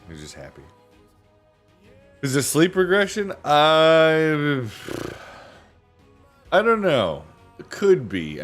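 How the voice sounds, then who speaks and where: Exhausted from not sleeping, a man who reads books aloud on livestream talks casually with his viewers from home while his family is nearby. His voice is on the low side and a bit bright, and he rambles and repeats himself.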